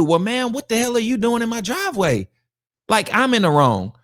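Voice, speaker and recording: A man with a fairly high voice gives slangy, emphatic reaction commentary, repeating his points for effect. The sound is dry and close, with no room around him. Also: big pitch swings, moderate pace, no echo. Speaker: podcast host reacting to a video.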